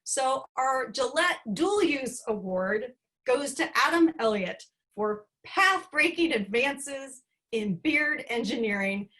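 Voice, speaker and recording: A woman's voice: high voice, animated, takes it slowly, a bit bright. A woman presenting humorous student awards at an online graduation ceremony, with a dry, playful delivery.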